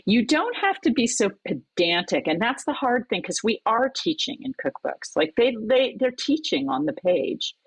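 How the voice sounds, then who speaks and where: A woman who teaches cookbook writing, talking in an animated, conversational way as a podcast guest. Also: on the high side, normal speed, few pauses, slightly rough, dry recording, low-quality recording. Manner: animated, lively storyteller with laughs. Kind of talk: conversational interview.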